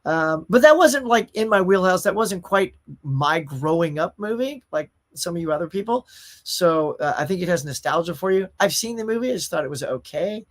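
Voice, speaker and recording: A man in his thirties or forties hosts a live stream in a loose, chatty way, talking straight to his viewers and calling them y'all. His voice sits a little above the usual male pitch. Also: expressive, normal speed. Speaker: host. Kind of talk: casual live-stream chat, reading viewer comments.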